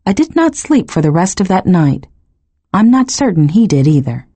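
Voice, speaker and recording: A woman narrating a first-person novel in an expressive, emotionally engaged reading. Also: on the low side, moderate pace, slightly rough, no echo. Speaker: audiobook narrator.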